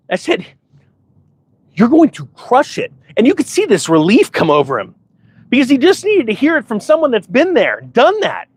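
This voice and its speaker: A man's voice: very high-pitched, breathy edge, dry recording. A man in his forties hosting a casual, emphatic motivational monologue, repeating his points and telling stories in quoted voices. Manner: animated storytelling with quoted voices. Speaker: host.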